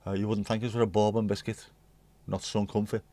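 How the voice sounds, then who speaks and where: A man's voice: lowish voice, little pitch movement, a little fast, warm tone, no echo. A man hosting a livestream, chatting to viewers in a rambling, jokey way and swearing casually. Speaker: livestream host.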